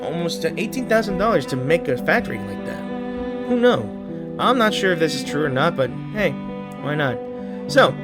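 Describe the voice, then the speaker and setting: Casual gamer man reading a story aloud. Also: sits high. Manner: casual, stumbling over words and correcting himself. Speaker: gaming YouTuber. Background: game music.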